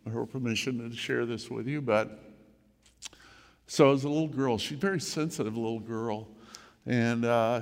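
A man's voice: mid-range voice, big-room sound. An older man, a grandfather, preaching a sermon in a conversational storytelling manner. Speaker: pastor.

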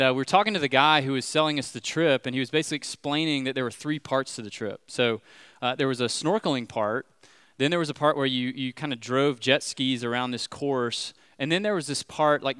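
A man's voice: medium pitch, a bit bright, smooth, no room sound. A man in his thirties giving a sermon as a pastor, telling a personal story in a loose, chatty way with lots of fillers before turning to the scripture passage. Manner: casual storytelling with many fillers, rising animation when retelling scary moments.

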